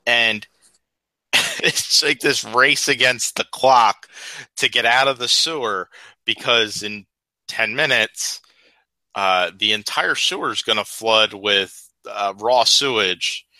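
A man's voice: lowish voice, takes it slowly, sharp tone, no echo, poor audio. A man co-hosting a casual movie review podcast, speaking bluntly and laughing often. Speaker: podcast co-host.

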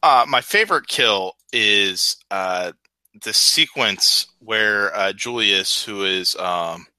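Bright-voiced, laughing male podcast co-host. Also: on the low side, takes it slowly, clear, resonant tone, dry recording, rough recording. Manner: laughing often, blunt. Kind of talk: casual movie review chat.

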